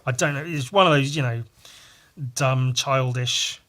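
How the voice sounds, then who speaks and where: A man's voice: mid-range voice, moderate pace, a bit bright. A man hosting a casual solo podcast while drawing, rambling and swearing, poking fun at himself. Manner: rambling, profane, self-mocking. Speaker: podcast host.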